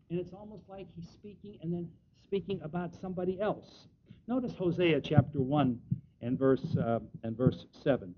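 A man preaching a Bible teaching sermon. He reads scripture slowly, leans on key words and often restarts his sentences. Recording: dull lo-fi recording with faint rumble.

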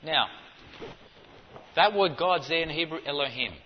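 Man, preacher, emphatic sermon, fairly high voice, long hall echo, dull recording. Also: animated, measured pace, a little hiss or hum. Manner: emphatic teaching, rising to forceful stresses.

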